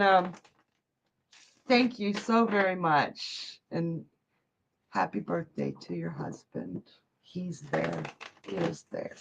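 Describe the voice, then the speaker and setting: A woman's voice: fairly high pitch, gravelly, a bit bright, poor audio. A woman giving psychic and tarot readings on a live stream, emotional and laughing often as she reads out viewers' messages. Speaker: psychic medium and card reader.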